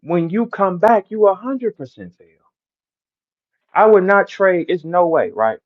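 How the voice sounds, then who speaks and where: A man's voice: high-pitched, lively intonation, unhurried, muffled recording. A man from St. Louis with a St. Louis accent, boasting and trash-talking in a brash, repetitive live-stream rant. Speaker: battle rapper hosting a live audio room.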